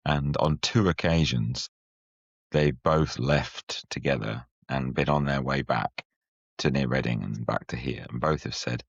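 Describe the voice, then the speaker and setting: Very deep, husky-voiced male host. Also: unhurried, no echo. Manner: teasing, chummy banter. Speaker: podcast host. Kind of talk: casual chat. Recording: slightly muffled, dry sound.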